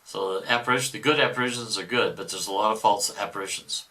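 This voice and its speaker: Male host, religious commentary, bright voice, quick asides. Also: lowish voice, recorded from a distance. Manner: quick explanatory asides between readings.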